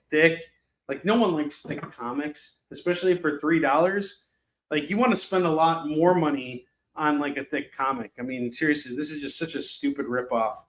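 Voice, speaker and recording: Casual male stream host, a bit higher-pitched, sarcastic and chatty, talking up cheap comics live. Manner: sarcastic, joking, chatty with many fillers. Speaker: live shopping show host selling comics.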